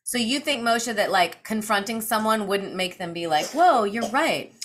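Bright-toned woman giving advice. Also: mid-range voice, normal speed, a little hiss or hum. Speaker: podcast co-host giving advice. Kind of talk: casual comedic chat. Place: hotel room.

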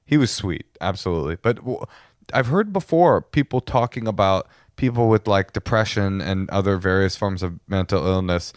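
A man with a very low voice co-hosts a casual podcast, telling jokey stories with animation. The sound is dry and close, with no room in it. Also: animated, normal speed, no echo. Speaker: podcast co-host. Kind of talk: casual chat.

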